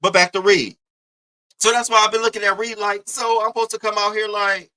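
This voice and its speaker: A young man from Baltimore tears through online drama in a profane, animated commentary. His voice is bright and forceful and sits a little high. He keeps slipping into other people's voices to act out what they said. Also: fairly quick, rough recording. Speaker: commentary livestreamer.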